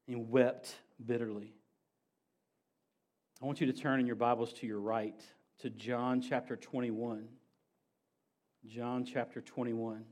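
A man preaching a sermon as pastor, building to emphatic raised passages and dropping to quiet low asides.

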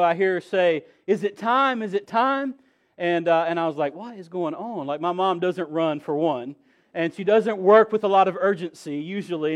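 A man in his thirties preaching a sermon as pastor, earnest, repeating key phrases and building emphasis. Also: sits high.

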